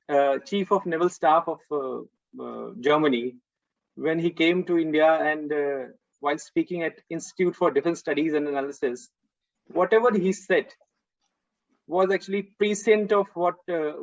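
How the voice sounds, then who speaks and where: A man's voice: on the high side, moderate pace, dry recording, highs cut off. A man speaking hesitantly on a panel, with many fillers, over a video call. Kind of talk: panel discussion.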